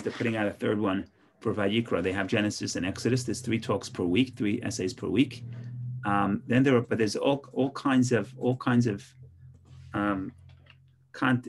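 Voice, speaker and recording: A man's voice: lowish voice, a little fast, a little hiss or hum. A man, a rabbi, teaching an informal online Torah class in a conversational way, often repeating and restarting his words.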